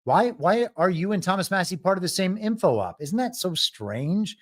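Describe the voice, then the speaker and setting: A man with a high, expressive voice talks at a moderate pace, hosting a live political commentary show solo. Wry and eager to argue, he regularly laughs at his own jokes.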